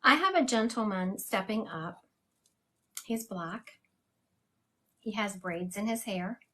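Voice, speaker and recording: A woman's voice: medium pitch, expressive, slow pace, pushed and bright. A woman hosting a live stream as a psychic medium, chatting casually and laughing at herself.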